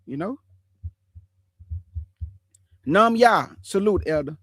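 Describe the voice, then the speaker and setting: A man hosting an online show, chatting casually about scripture in relaxed slang and calling his viewers family. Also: on the high side, normal speed, dry recording. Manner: laughs often while telling stories. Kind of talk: casual livestream chat on scripture.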